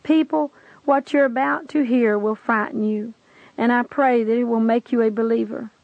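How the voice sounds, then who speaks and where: A woman's voice: a little high, steady tone, normal speed, no room sound, phone-quality sound. A woman giving an earnest, pleading testimony, telling her story and urging the listener to believe. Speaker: testimony speaker. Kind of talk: preached testimony narration.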